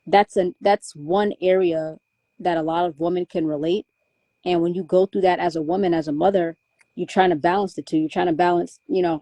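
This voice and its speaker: A young woman talks frankly in a relaxed conversation, circling her thoughts with restarts and fillers. Her voice sits a bit low and sounds warm and mellow. The recording is dry and close. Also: no echo. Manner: candid, rambling with many restarts and fillers. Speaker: guest. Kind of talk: casual conversation.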